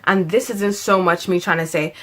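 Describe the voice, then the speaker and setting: A woman in her late twenties, a lifestyle vlogger, chats casually to the camera in a fairly low, steady voice with a fairly bright tone at normal speed. She laughs often, stretches words for emphasis, and tends to drift into preaching.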